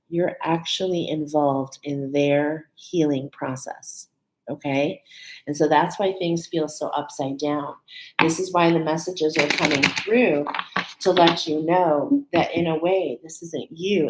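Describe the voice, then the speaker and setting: Low-voiced chatty woman reading cards. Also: rough recording. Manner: warm, chatty, with fillers like "okay?" and "right?"; emotional, laughing and near tears at times. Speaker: spiritual card reader. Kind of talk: casual live card reading.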